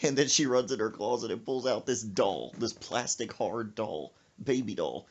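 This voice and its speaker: On a muffled, lo-fi podcast recording, a female host spins a comic story, laughing between lines and throwing in sound effects with animated energy. Her voice is extremely low and slightly rough, at a normal speed.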